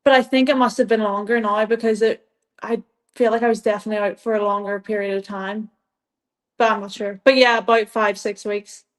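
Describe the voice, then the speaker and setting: This guest athlete is a young woman from Ireland who laughs a lot and rambles through an interview, filling it with "like." She talks briskly in a mid-range voice with little movement in pitch.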